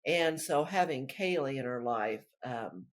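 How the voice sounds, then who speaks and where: A woman with a husky, breathy voice that swoops around a lot as she talks. She is an author in a relaxed interview, and she wanders on and back in a chatty, rambling way. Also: extremely low pitch, unhurried. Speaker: author guest. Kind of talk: casual interview chat.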